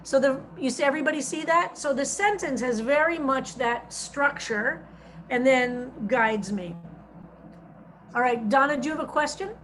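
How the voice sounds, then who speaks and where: A woman rabbi teaching a text study over a video call, reading translations slowly and stressing each phrase. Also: sits high, fairly bright tone, a little hiss or hum.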